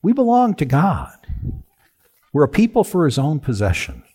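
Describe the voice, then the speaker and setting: A man's voice: fairly high pitch, wildly swooping pitch, moderate pace, a little mellow, breathy edge. A man preaching a sermon, asking the congregation rhetorical questions and answering them himself. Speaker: pastor.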